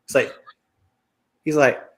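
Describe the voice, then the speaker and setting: A man's voice: takes it slowly, a bit bright. A man chatting casually as a panel guest, enthusiastically retelling favorite movie scenes. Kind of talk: casual chat.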